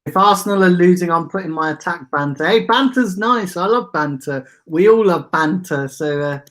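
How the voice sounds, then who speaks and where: A man's voice: high voice, animated, normal speed, a bit bright. A man hosting a casual livestream, chatting with viewers and reading out their comments with easy banter. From England. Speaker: fan channel host.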